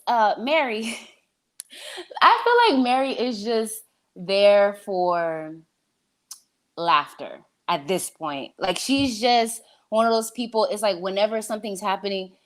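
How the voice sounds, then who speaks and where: A woman's voice: medium pitch, animated, measured pace. A woman from New York calling in to a live show, blunt and sassy in her casual commentary. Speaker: caller.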